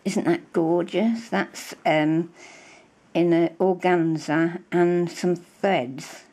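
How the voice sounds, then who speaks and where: A woman's voice: fairly low pitch, fairly even intonation, very slow, darkish tone. An older woman with a British accent, chatting effusively and rambling as she shows off craft supplies in a casual vlog. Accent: British English. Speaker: crafting vlogger. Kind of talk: casual show-and-tell chat.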